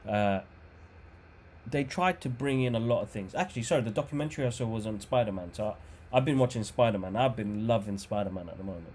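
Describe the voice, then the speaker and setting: A man's voice: on the low side, fast, a little hiss or hum. A man co-hosting a podcast, rambling casually about old cartoons and calling his brother "bro". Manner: relaxed, rambling, says "bro" a lot, self-correcting. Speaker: podcast co-host. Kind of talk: casual chat.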